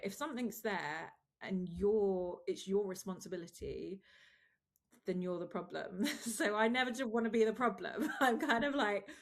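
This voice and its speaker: A young adult woman, a film producer, chatting casually as a guest in an interview, with quick asides and laughs. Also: mid-range voice.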